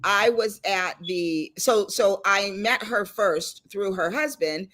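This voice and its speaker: A middle-aged woman hosting a casual chat and telling stories with animated delivery. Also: medium pitch, slow. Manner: lively storyteller, animated and laughing. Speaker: host. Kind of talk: casual chat on a video call panel.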